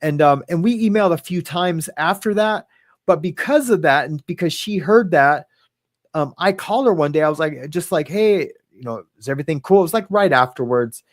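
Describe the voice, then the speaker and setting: A man's voice: a little high, lively intonation, normal speed. A man hosting a casual talk show, rambling and hesitant, with lots of fillers and restarts and some casual swearing. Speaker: podcast host. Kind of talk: casual chat.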